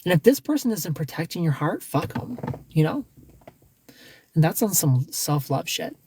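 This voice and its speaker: A man's voice: fairly high pitch, big pitch swings, moderate pace, background noise. A man hosting a casual livestream, giving blunt dating advice with lots of restarts and some swearing.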